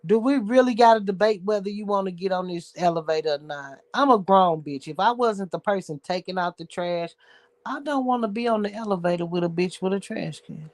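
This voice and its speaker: A high-pitched man holds forth in a sassy, foul-mouthed livestream rant as host of his own show. His delivery is blunt and unfiltered. The sound is dry and close, with no room around it. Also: brisk, no echo. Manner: blunt, profane, sassy ranting.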